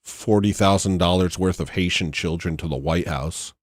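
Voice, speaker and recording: A man's voice: low voice, moderate pace, no room sound, studio quality. A man hosting a livestream, ranting in a blunt, rambling way with frequent restarts. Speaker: livestream host. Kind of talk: casual livestream rant.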